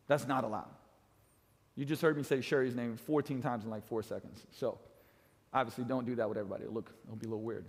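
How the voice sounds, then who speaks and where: A middle-aged man teaching fitness trainers in an energetic coaching lecture, pushing his points hard and often asking "right?". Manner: emphatic, swings pitch and loudness for effect, keeps asking "right?". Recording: large hall with long reverb.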